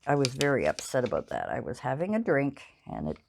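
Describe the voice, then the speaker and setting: A woman's voice: a bass voice, wildly swooping pitch, brisk, vocal fry. An older woman chatting casually while she crafts, rambling and self-deprecating, with many fillers. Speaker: crafting channel host. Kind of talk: casual crafting vlog chat.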